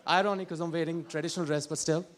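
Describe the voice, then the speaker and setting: Young Indian man, Indian English accent, slightly high voice, playful stage banter into a handheld mic. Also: steady tone, rapid-fire. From Jammu and Kashmir, India. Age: young adult. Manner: playful, chatty, jokes with audience. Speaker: college student performer. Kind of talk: stage act doing accent impressions.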